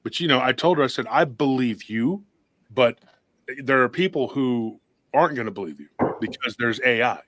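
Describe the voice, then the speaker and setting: A man's voice: mid-range voice, animated, normal speed, fairly bright tone. A man hosting a paranormal talk show, telling a long story in a rambling, casual way with many restarts and acted-out quotes. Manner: rambling, restarts often, acts out quoted voices.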